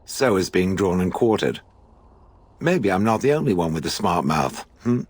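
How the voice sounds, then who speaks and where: Scornful ancient stone golem for a game; dry, mocking, lively swoops in a very low voice. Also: male voice, normal speed, breathy edge, heavily acted. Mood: sardonic. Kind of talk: video game dialogue.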